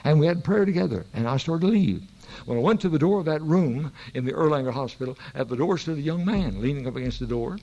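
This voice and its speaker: A man's voice: on the high side, expressive, quick pace, vocal fry, mellow, lo-fi sound. An older man preaching a sermon in a church, telling folksy stories that rise into emphatic preaching. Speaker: pastor.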